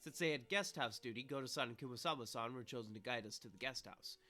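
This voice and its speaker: Bright-voiced young man streaming a game. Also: mid-range voice, fast talker, soft background music. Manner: reads narration flatly, then swears and rants loudly. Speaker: streamer reading a visual novel aloud. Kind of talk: casual let's-play reading and commentary.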